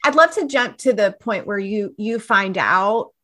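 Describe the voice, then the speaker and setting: A woman's voice: medium pitch, expressive, unhurried, fairly bright tone. A woman hosting an interview, asking questions and sharing her own experience in an empathetic way. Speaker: podcast host. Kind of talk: interviewing, casual chat.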